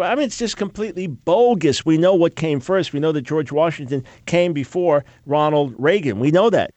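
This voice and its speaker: A Bible scholar holding a PhD in Semitic languages lectures on how Hebrew names and words changed over time. His voice is a little high and a little mellow on a dry recording, and he speaks emphatically, tossing in quick asides that mock quoted objections from opponents.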